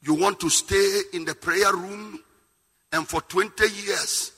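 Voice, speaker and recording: A man preaching a fiery sermon, shouting and half-singing his lines. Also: sits high, steady tone, takes it slowly, husky. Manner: impassioned, shouting and half-singing, mimicking tongues. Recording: music and long hall reverb.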